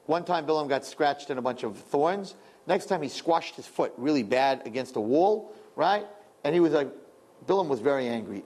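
A man teaching a lively Torah lesson, animated and joking, asking rhetorical questions. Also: fairly high pitch, husky.

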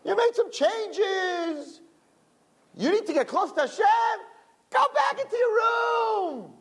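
A man putting on a high coaxing tempter voice. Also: animated, slow pace, fairly bright tone, raised voice, some chatter behind, exaggerated voice. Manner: wheedling, reassuring, brushing off worries. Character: coaxing inner tempter voice, the body as a flattering father.

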